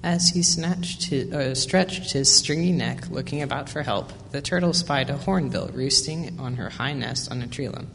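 A man's voice: mid-range voice, creaky, a bit bright. Man reading a storybook in a hall. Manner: measured, with small slips and self-corrections. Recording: long hall reverb, faint hiss.

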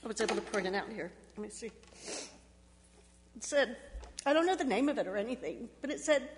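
A middle-aged woman speaks at a memorial in a church, her voice a bit high and pulled tight by emotion as she fights back tears. She talks haltingly, with ums and restarts. The sound carries a long echo from a big hall. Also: lively intonation. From Texas. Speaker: family member giving a eulogy. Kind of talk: memorial speech.

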